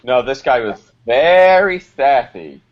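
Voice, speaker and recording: A man's voice: medium pitch, takes it slowly. A young man co-hosting a podcast, telling a story in casual chat. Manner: animated storytelling, acts out quoted voices. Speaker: podcast co-host. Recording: dull lo-fi podcast audio.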